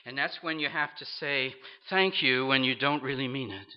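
A man's voice: medium pitch, steady tone, brisk, slight background noise. An earnest male preacher from the Toronto area tells a story from the pulpit, slipping into the voices of the people in it. His voice sits in an ordinary middle register. The recording is dull and lo-fi. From Toronto area, Canada. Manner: earnest, acts out quoted voices. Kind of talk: storytelling sermon.

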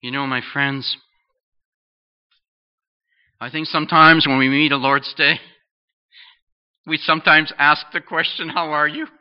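Man, preacher, sermon, earnest questions, higher voice, dull lo-fi recording. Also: steady tone, clear, resonant tone. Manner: earnest, questioning, pausing between phrases. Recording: dull lo-fi sound.

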